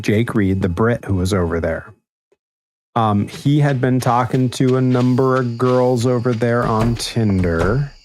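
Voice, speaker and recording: A young man chatting casually on a gaming stream, telling a rambling anecdote with animated quoted voices. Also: medium pitch. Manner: rambling storyteller, animated quoting. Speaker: streamer co-host.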